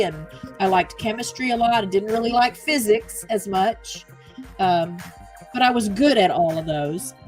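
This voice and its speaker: A woman hosting a casual livestream, chatting in a rambling way and reading out comments and news stories. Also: mid-range voice. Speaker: livestream host. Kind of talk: casual chat.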